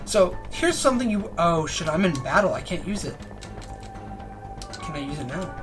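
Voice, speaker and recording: A man's voice: on the high side, big pitch swings, normal speed, over loud music. A man with a nasal voice, just over a cold, casually commenting while playing and reviewing a game. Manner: joking, rambling, trails off.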